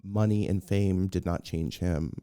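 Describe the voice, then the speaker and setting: Deep-voiced man telling a story. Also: a little slow, smooth, no room sound, clean studio sound. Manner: animated, acts out quotes, frequent restarts. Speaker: podcast guest. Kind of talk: casual storytelling.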